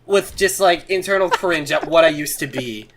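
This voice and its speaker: A man's voice: a little high, moderate pace, over a noisy crowd. A young man co-hosting a podcast, sarcastic and self-mocking. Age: young adult. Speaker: podcast co-host. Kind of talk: casual chat.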